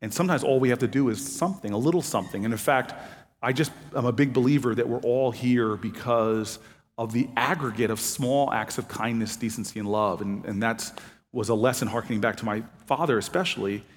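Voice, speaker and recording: A man's voice: medium pitch, a little fast. Man telling a story in a reverberant hall. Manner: animated anecdotal storytelling, acting out both sides of dialogue. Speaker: author and former city politician. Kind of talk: storytelling talk.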